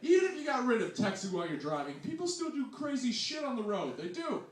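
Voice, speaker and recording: Animated New Jersey comic in echoey hall. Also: male voice, very high-pitched, quick pace. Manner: animated, exclamatory, mimics voices. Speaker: stand-up comedian. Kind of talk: stand-up comedy set. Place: small hall with audience. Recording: distant echoey room mic, loud noise.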